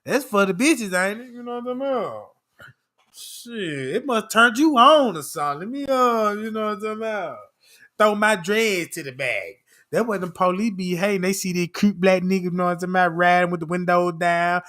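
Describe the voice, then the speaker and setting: A man's voice: sits high, animated, brisk, bright, forceful tone. A man hosting a casual chat, telling comedic stories in slangy speech and checking in with his listeners. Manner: slangy, keeps asking "you know what I'm talking about". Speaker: host of an open chat stream.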